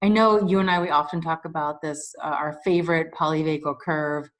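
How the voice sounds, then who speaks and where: A woman's voice: deep voice, fairly even intonation, brisk. A middle-aged woman hosting an interview over a video call, upbeat and welcoming as she leads the conversation. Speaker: host.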